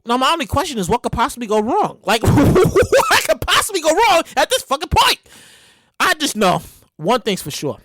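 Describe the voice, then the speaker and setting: A woman hosting a casual solo podcast, loud, profane and laughing often. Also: sits high, huge pitch swings, moderate pace. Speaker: podcast host.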